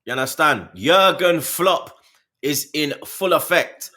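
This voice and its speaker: A man, a co-host talking football in a casual, slangy chat and often breaking into loud put-on voices. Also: a little high, lively intonation, takes it slowly. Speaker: podcast co-host.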